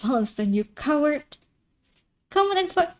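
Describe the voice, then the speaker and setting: A woman's voice: fairly high pitch, fairly quick, mellow, close to an everyday voice. A woman voicing a proud, haughty young nobleman in a visual novel, speaking indignantly.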